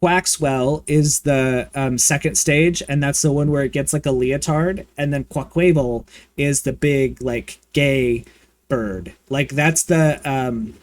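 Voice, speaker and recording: A man chatting casually and campily while streaming a video game, with playful swearing and excited bursts. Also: medium pitch, takes it slowly, dry recording. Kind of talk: casual gaming livestream chat.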